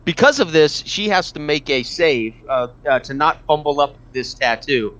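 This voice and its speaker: A man running a tabletop game as game master, narrating in a halting way with many fillers and restarts. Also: on the high side, expressive, fairly bright tone. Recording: dull lo-fi audio.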